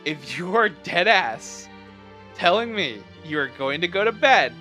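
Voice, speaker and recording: A streamer venting to a livestream chat, impassioned and exasperated, trying to stay measured while upset. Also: mid-range voice, animated, bright, forceful tone, faint music behind.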